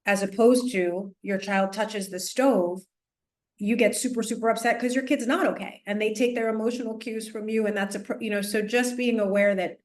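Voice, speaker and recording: A woman talks as the guest expert on a parenting podcast, her voice sitting in an average middle pitch. She is animated and conversational, full of fillers, restarts and small laughs. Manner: laughs often while explaining. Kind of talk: casual podcast interview.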